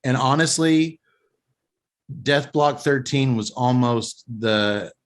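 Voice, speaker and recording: A man's voice: mid-range voice, slow pace. A man hosting a casual podcast chat, rambling and opinionated with frequent restarts. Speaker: podcast host.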